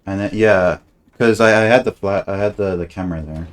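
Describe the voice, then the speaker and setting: A man's voice: sits low, fairly quick. A man streaming a game, chatting casually and thinking aloud as he plays, often trailing off and restarting. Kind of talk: casual gameplay commentary.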